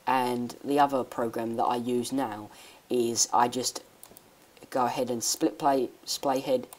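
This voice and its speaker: A woman giving a rambling, hesitant software tutorial with many restarts. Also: a bass voice, fairly even intonation, unhurried. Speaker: tech YouTuber. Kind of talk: screen-recording software tutorial.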